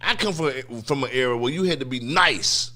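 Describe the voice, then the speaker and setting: Casual male co-host, bright tense tone, animated, streetwise. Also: medium pitch, brisk. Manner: animated, streetwise, repeats "you know what I'm saying". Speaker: podcast co-host. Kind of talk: casual chat.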